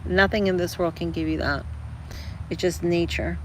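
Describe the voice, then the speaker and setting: A woman's voice: lowish voice, moderate pace, slight background noise, rough recording. A woman chatting casually with her livestream viewers, rambling and calling them girl and guys. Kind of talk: casual live chat.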